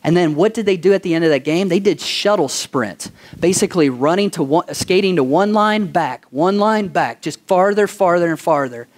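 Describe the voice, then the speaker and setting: Male pastor, high-pitched, animated sermon with call-and-response questions. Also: moderate pace, few pauses. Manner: animated storytelling.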